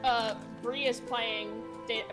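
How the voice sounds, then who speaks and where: A giggly woman with a fairly high voice, chatting casually on a live stream and laughing often. She slips into playful, exaggerated outrage, and music plays clearly behind her. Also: fairly even intonation, slow pace.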